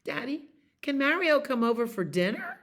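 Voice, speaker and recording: A woman's voice: sits high, normal speed, pitched above the performer's own voice. A woman voicing an eager young boy asking his dad for treats during a bedtime story. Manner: pleading, excited questions.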